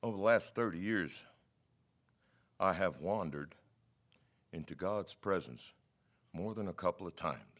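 A middle-aged man preaching a sermon, telling stories in a wry, skeptical, animated way. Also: deep voice, a little slow, pauses often.

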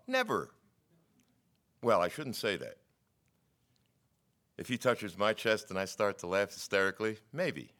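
A middle-aged man preaching a sermon, telling stories in a wry, skeptical, animated way. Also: fairly low pitch.

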